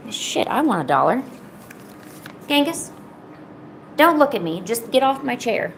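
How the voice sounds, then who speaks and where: A woman with a slightly high voice, talking casually and playfully to her cats as she draws. Her chat is loose and teasing. A faint room noise hums behind her. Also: sing-song, a little slow, gravelly, long pauses, rough recording. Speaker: streamer. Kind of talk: casual chat while drawing.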